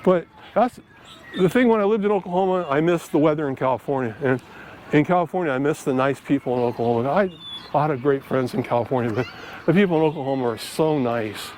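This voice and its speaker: Middle-aged male vlogger, high voice, earnest rambling stories, park ambience with faint noise behind. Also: fast talker, darkish tone. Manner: rambling, earnest, many fillers and restarts. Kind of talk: casual storytelling to camera. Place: outdoors in a park.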